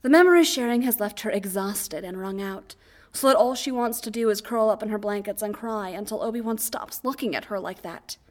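A woman narrating a story as an audiobook. Her voice sits at a middling pitch and stays quiet and even. She reads steadily from line to line. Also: brisk, few pauses. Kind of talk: audiobook reading of fan fiction.

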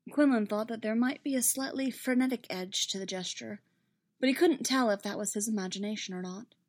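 A woman narrating a story aloud in an even storytelling manner. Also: a little high, brisk. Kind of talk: fan fiction read aloud.

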